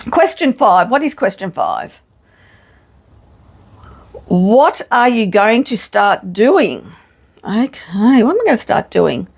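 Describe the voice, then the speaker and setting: Lively self-mocking woman vlogger. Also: medium pitch, gravelly. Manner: frank, self-mocking, swears casually. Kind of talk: casual chat.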